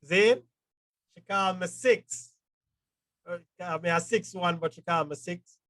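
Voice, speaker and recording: A man hosting a podcast in excitable, laid-back banter. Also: high-pitched, a little slow, no room sound. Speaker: podcast host. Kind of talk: casual podcast chat.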